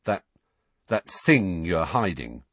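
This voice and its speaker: A man's voice: low voice, sing-song, takes it slowly, fairly bright tone, no echo, full character voice. A man voicing a big, sulky teenage boy who bullies and taunts, snarling his lines. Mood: taunting.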